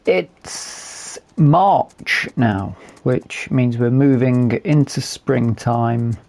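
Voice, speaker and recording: Slow, gravelly-voiced man, hoarse. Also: mid-range voice, expressive, darkish tone. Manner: unhurried, thinking aloud with fillers. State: losing his voice. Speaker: gaming video host. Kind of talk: relaxed game commentary.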